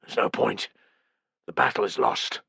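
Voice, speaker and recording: A man's voice: big pitch swings, measured pace, gravelly, sharp tone, husky, no echo, studio quality, heavily acted. A man voicing a grim, shaken Roman centurion. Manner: low urgent delivery. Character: shaken grim male Roman centurion bearing bad news. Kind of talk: audiobook character reading.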